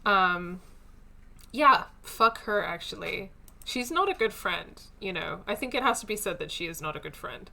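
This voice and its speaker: Woman, game streamer, casual chatty commentary, bright voice, lowish pitch. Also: lively intonation, moderate pace, gravelly. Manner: chatty, thinks aloud with many fillers. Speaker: streamer playing a story game. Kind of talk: casual let's-play commentary.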